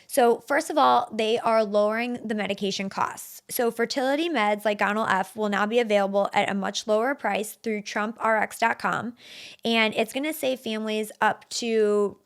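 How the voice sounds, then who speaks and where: A woman's voice: mid-range voice, fairly even intonation, normal speed, clean tone. A woman in her thirties hosting a solo podcast, talking in an earnest, emotional way with many fillers and restarts. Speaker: podcast host.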